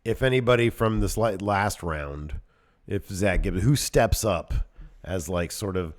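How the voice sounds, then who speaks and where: A man co-hosting a podcast in casual chat, laughing often and dropping into low trailing asides. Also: unhurried. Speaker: podcast co-host.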